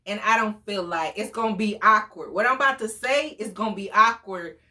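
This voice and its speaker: A woman in her forties telling a story casually, animated and exclamatory, often breaking into laughter. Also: mid-range voice, fairly quick. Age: 40s. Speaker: storytime vlogger.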